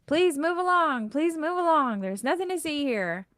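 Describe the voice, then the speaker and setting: A woman acts out a town guard in a tabletop game, pitched up and firm. The guard keeps repeating short orders to a crowd. The sound is close and dry. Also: sing-song, moderate pace, fairly bright tone, dry recording. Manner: repetitive, firm crowd-control calls.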